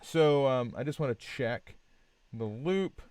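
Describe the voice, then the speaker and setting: A man hosting a live stream, giving relaxed, encouraging design feedback with many fillers and restarts. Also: mid-range voice, slow pace, clean tone, no room sound. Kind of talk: casual live-stream critique.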